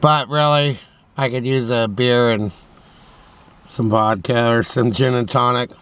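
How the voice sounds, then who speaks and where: He speaks unhurriedly in a mid-range, slightly bright and clean voice with fairly even intonation. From inside his van at night he hosts a mock radio show, a casual monologue full of rambling and jokes to himself, captured by a camera on a tripod.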